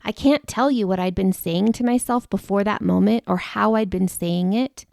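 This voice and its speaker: Woman, 40s, podcast host, confiding storyteller, fry in the voice, dry close mic. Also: medium pitch, normal speed, darkish tone, no echo. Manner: earnest, confiding, addresses listener directly. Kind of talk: personal storytelling monologue.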